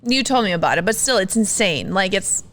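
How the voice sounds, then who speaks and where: A woman's voice: mid-range voice, animated, brisk, a bit bright. A woman co-hosting a podcast, teasing her co-hosts and giggling in casual live-stream chat. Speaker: podcast co-host.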